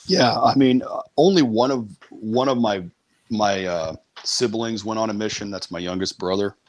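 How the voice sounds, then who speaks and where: A man's voice: lowish voice, normal speed, no room sound. A man as an interview guest, talking casually with a wry tone and frequent hesitations. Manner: hesitant, many uh fillers, wry.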